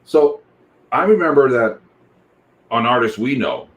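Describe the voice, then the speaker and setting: A deep-voiced man with a Spanish accent, a guest artist chatting casually and rambling with jokes. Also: lively intonation, measured pace, dull audio. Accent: Spanish-accented English. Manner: rambling, joking, many fillers. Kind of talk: casual video chat.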